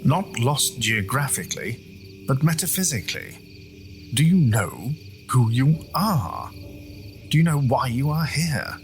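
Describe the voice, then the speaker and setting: A man's voice: medium pitch, very animated, unhurried, soft background music. A man putting on a crackly old professor. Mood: smooth, beckoning. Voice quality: crackly, popping voice. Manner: polished, radio-like speaker's voice with a slight accent. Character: eerie courteous old male professor.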